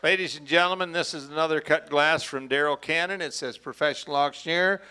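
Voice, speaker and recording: Folksy bright-voiced auction emcee man. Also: a little high, a little fast, smooth. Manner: folksy, encouraging banter. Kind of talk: auction announcing. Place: auction hall.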